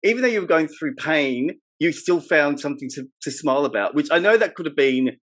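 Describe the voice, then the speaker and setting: A man's voice: on the high side, expressive, a little fast, a bit bright. A man hosting a podcast interview, asking long, chatty, encouraging questions in loose, rambling phrasing. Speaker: podcast host. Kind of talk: conversational interview.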